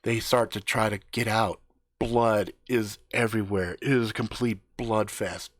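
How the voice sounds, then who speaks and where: A man's voice: fairly low pitch, fairly even intonation, unhurried, no room sound, clean studio sound. A man improvising a profane story live on stream, dropping laughing asides. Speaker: livestream storyteller.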